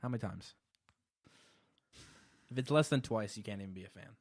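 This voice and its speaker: A man co-hosting a casual podcast about a cartoon series, grumbling and teasing in a deadpan way. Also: fairly low pitch, a little fast, no echo, clean studio sound. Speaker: podcast co-host.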